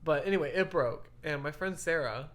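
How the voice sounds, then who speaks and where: A young woman co-hosting a podcast, telling stories in a casual, animated way, laughing often and acting out what people said. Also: deep voice, moderate pace. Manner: animated, giggly, acts out quoted voices. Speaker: podcast co-host. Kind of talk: casual storytelling chat.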